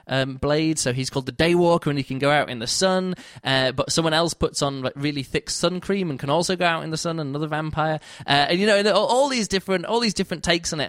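A man's voice: fairly bright tone, no room sound, clean studio sound. A man hosting a podcast, casually reviewing a book in a rambling, enthusiastic way, full of fillers and restarts. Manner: enthusiastic, rises in pitch for quoted reactions. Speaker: podcast host reviewing books.

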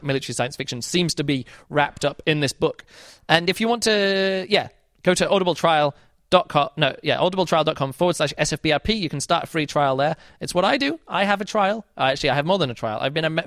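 A man's voice: on the high side, fairly bright tone, no echo, studio quality. A man hosting a podcast, giving an unscripted, exasperated book review with sarcastic mocking asides. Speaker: podcast host reviewing books.

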